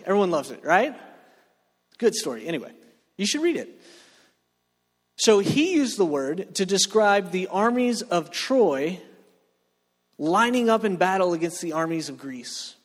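A man preaching a joking sermon, talking with the room and asking for reactions. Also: sits high. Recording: long hall reverb.

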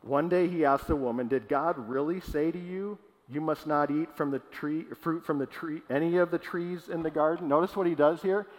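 A man preaching in a relaxed, chatty manner, his voice sitting a little higher than most men's. His words ring out with a long reverb trailing behind them in a large hall. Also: moderate pace, few pauses. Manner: casual, conversational preaching. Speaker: pastor. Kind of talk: sermon. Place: church hall.

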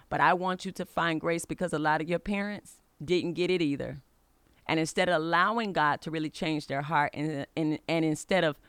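A woman's voice: deep voice, fairly bright tone, no echo. A middle-aged woman hosting a faith-based podcast, telling a personal story in an earnest, conversational way and urging listeners on. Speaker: podcast host.

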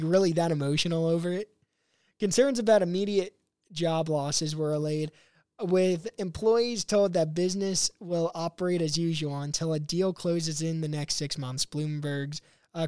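A man's voice: a little high, clear, resonant tone, no room sound, studio quality. A young man hosting a podcast, reading news items aloud and riffing on them in a blunt, profane, rambling way, with mocking imitations of other people. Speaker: podcast host. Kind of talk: casual commentary reading news.

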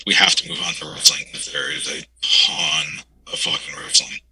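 A man's voice: extremely low pitch, flat delivery, sharp tone, slightly rough, no room sound, rough recording. A man co-hosting a casual chat over a video call, talking eagerly and opinionatedly about wrestling. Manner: enthusiastic, quick opinionated wrestling fan. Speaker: podcast co-host.

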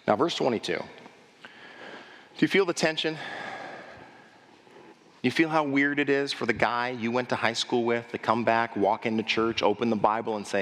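A man's voice: mid-range voice, normal speed, pauses often, slight background noise. Preaching man in a reverberant church. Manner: animated preaching, asks the congregation questions, acts out crowd voices. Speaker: pastor. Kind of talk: sermon. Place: church sanctuary. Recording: long hall reverb.

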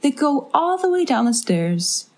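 A woman's voice: high voice, very animated, measured pace. A woman co-hosting a podcast from a basement, retelling a plot casually and swearing often. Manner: casual storytelling with frequent swearing. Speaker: podcast co-host. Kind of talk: casual chat.

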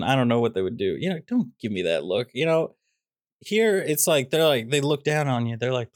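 A man co-hosts a movie podcast, talking at a middling pitch. He rambles and jokes, slipping into mock rants and silly asides. The sound is dry and close, with no room echo. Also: animated, fairly quick. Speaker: podcast co-host reviewing a movie. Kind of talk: casual comedic review chat.

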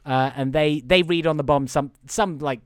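A man's voice: on the high side, moderate pace, clear, resonant tone, dry recording, studio quality. A man co-hosting a podcast over a video call from his room at home, recapping a movie in a rambling, casual way with lots of fillers. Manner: rambling, filler-heavy, acts out quotes. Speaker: podcast co-host.

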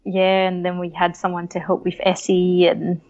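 A woman's voice: lowish voice, completely flat delivery, normal speed, a little mellow. A woman, chatting as an interview guest and acting out the people in her story. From Australia. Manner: chatty, acts out quoted voices. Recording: slightly dull lo-fi audio.

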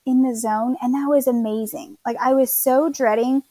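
A chatty young woman tells a long story in a relaxed, rambling way, slipping into other people's voices as she quotes them. Her voice sits a little high, and the sound is dry and close with no room around it. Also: moderate pace, no echo. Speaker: guest telling her birth story. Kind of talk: casual storytelling.

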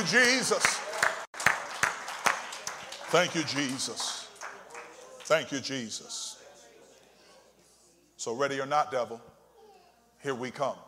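A man's voice: medium pitch, bright, forceful tone. A man preaching a fervent sermon as pastor, calling out to the congregation again and again. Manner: fervent preaching with repeated call-outs. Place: church sanctuary. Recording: echoey hall reverb.

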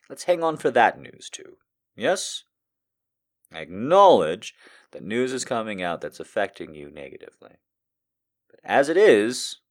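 Animated man ranting and joking to chat. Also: lowish voice. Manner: swings between soft earnest pep talk and loud joking rants. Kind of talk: casual live-stream chat and reading aloud.

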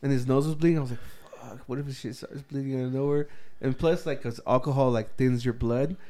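A man chatting casually on a podcast, swearing and getting animated when he quotes himself. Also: mid-range voice, fast. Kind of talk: casual chat.

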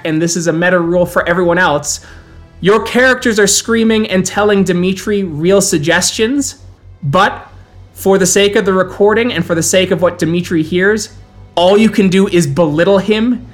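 As storyteller for a tabletop horror game, this man narrates in a high-sitting voice. His delivery is measured and descriptive, occasionally stretched out for dramatic effect.

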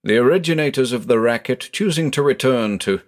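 A man giving a measured, dramatic reading of a first-person detective story. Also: mid-range voice, lively intonation. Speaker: narrator. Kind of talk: storybook narration.

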